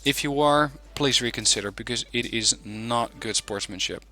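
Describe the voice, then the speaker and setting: Commenting on a game replay for his gaming channel, a man chats in a relaxed way with frequent ums. His voice is mid-range and his pace moderate.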